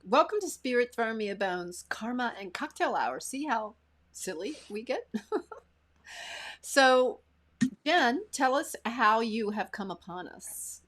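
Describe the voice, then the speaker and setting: A woman's voice: a little high, big pitch swings, slow pace, a bit bright. A woman co-hosting a live stream in casual chat, giggling often and reading out viewer comments. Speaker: co-host.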